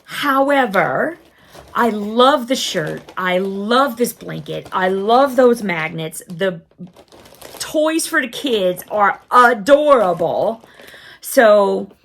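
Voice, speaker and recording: A woman's voice: mid-range voice, animated, slow pace, vocal fry, fairly bright tone. A woman unboxing a cat subscription box, gushing, giggling and baby-talking to her cats.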